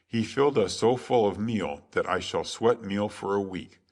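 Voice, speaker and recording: A man's voice: lowish voice, moderate pace, darkish tone. A man voicing a rueful miller's son outlaw complaining in archaic speech, for a storybook.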